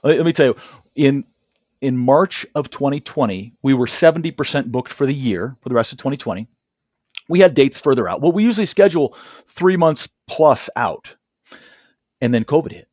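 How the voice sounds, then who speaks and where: A man's voice: medium pitch, normal speed, dry recording, muffled recording. A man, a negotiation trainer, telling stories in an interview over a video call and acting out quoted dialogue. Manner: animated, acts out quoted dialogue. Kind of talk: interview storytelling. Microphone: video call camera.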